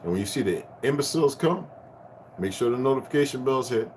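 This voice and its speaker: A man in his fifties giving a rambling spiritual rant to his viewers, profane and preachy, swinging from loud bursts down to hushed tones. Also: mid-range voice, lively intonation, fast, slight background noise. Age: 50s. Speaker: vlogger.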